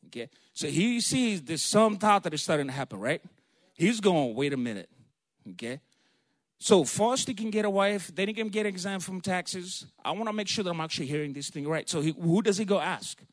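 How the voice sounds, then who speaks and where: A man's voice: sits high, no room sound, clean studio sound. A man giving an informal Bible teaching, talking conversationally and retelling scenes in casual slang. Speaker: preacher.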